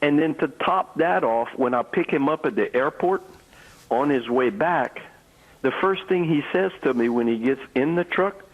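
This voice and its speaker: Older man telling stories, halting. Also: on the high side, animated, phone-quality sound. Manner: halting, repeats words while recounting stories. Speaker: former ballplayer guest. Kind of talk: storytelling interview.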